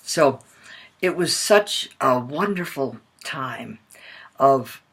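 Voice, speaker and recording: Husky, lively older woman storyteller. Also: extremely low pitch, very slow. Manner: expressive, acts out voices in her story. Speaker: parenting coach. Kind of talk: personal storytelling to moms.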